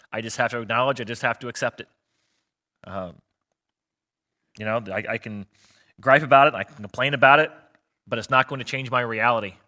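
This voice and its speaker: A man's voice: medium pitch, pushed and bright. A male pastor giving a sermon in a conversational, earnest way, with frequent fillers and restarts. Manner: conversational, earnest preaching with fillers and repeated words.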